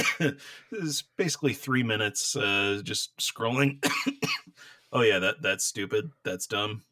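A man's voice: on the low side, lively intonation, a little slow, pushed and bright, dry recording. A man co-hosting a casual beer podcast from home, rambling with lots of fillers and laughs, and coughing from dry air. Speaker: podcast co-host. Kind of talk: casual chat about beer. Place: home room.

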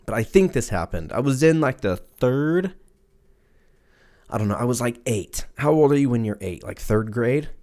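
Male, 30s, podcast host; rambling, cursing, animated delivery. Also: mid-range voice, moderate pace. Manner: profane, rambling, jokey, puts on silly voices for quotes. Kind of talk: casual solo podcast rant.

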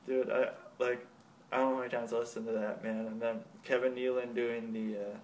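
A man's voice: medium pitch, level tone, brisk, a little mellow, a little hiss or hum. A man hosting a podcast in casual chat, laid-back and slangy, swearing freely. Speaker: podcast host.

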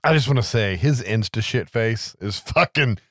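A man's voice: fairly low pitch, expressive, moderate pace, no room sound, clean studio sound. A man co-hosting a podcast, chiming in with jokes and reactions in casual chat. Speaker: podcast co-host.

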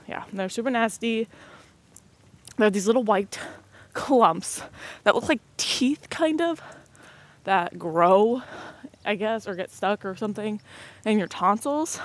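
A young woman hosting a solo podcast. She has a cold, is out of breath while walking outside, and rambles in a joking, self-deprecating way. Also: medium pitch. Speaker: podcast host. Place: outdoors on a windy street while walking. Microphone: headset mic on headphones. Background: passing cars and wind.

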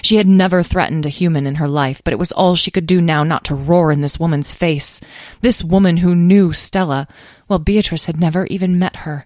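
A woman narrating a fantasy storybook in a measured, expressive read. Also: on the low side, dry recording, clean studio sound. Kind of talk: audiobook narration.

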